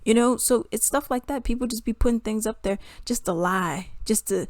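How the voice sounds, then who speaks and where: A woman giving a casual commentary rant to her viewers. She sounds animated and exasperated and laughs between points. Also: a little high, normal speed, no room sound. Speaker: commentary vlogger.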